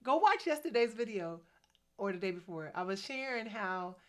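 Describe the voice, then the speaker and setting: Woman in her 50s, chatty faith vlog, animated asides, preachy. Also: medium pitch, normal speed. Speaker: faith vlogger. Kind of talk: casual faith-based vlog talk.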